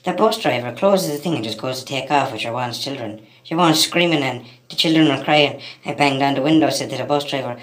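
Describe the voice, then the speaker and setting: A man's voice: mid-range voice, fairly quick, hardly any pauses. An Irish man from Ireland ranting to camera as a vlogger, heated and profane, repeating himself and calling his listeners lads.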